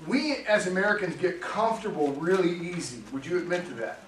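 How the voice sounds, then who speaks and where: A middle-aged male pastor with a noticeably high voice preaches in a loose, anecdotal way, laughing as he goes. He sounds picked up from a distance in a roomy church hall. A faint hiss sits under the sound. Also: lively intonation, brisk. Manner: chatty, storytelling preacher who laughs often. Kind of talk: sermon. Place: church sanctuary.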